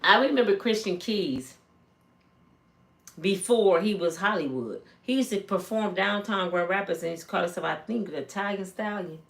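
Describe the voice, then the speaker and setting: A woman vlogger talks gossip in a casual, lively storytelling way. She jumps into high-pitched voices when she quotes people. Her middle-range voice stays chatty and animated. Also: normal speed, gravelly. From Michigan, USA.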